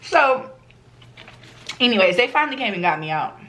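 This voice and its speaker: Young woman vlogger, lively and slangy storyteller, mid-range voice. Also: medium pitch, rapid-fire, a little hiss or hum. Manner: animated, slangy, acts out quoted voices. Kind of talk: casual storytime chat.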